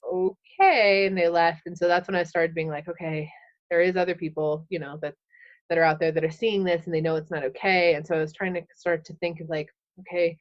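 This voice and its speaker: A woman in her thirties tells her personal story as a podcast guest, candid and unscripted. She keeps saying "like" and voices her past thoughts as little quoted scenes. The audio sounds a bit dull and lo-fi. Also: fairly low pitch. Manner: fills speech with "like", acts out her own past thoughts.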